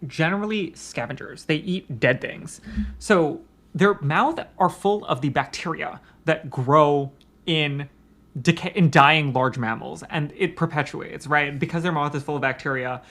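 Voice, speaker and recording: A co-host in their late twenties speaks unhurriedly in a mid-range, fairly bright voice on a casual book podcast. They explain animal facts and swap nerdy references.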